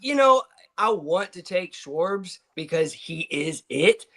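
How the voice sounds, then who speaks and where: Easygoing co-host with a higher voice. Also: male voice, animated, slow pace, sharp tone. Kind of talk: casual betting show chat.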